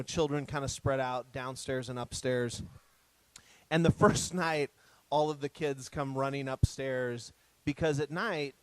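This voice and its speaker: A man giving a guest talk, a lively storyteller recounting family mishaps with humor. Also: mid-range voice, clean tone, dry recording, rough recording. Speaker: guest speaker. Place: retreat center talk.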